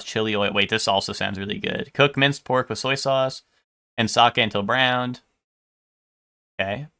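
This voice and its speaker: A man's voice: mid-range voice, bright, forceful tone. A man streaming live, chatting casually with his chat and stumbling over unfamiliar food names. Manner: chatty, hesitant, stumbles over foreign words.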